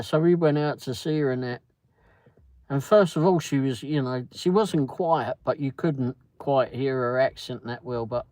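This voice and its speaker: A man's voice: medium pitch, darkish tone, dry recording, rough recording. Chatty man rambling on a livestream. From Britain. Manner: rambling, chatty, reads viewer comments aloud. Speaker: livestream host. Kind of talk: casual livestream chat.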